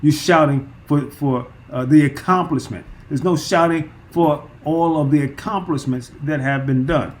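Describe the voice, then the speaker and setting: A man's voice: a little high, measured pace, hardly any pauses. A man teaching through a Bible chapter verse by verse, emphatic, with frequent repeats and fillers.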